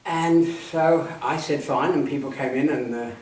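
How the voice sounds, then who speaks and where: A man in his seventies shares personal memories at a talk, speaking softly and reflectively and letting his sentences trail off. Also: fairly high pitch, moderate pace. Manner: reflective, soft-spoken, trailing off at line ends. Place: meeting hall at a centre. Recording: echoey hall, distant mic, faint noise.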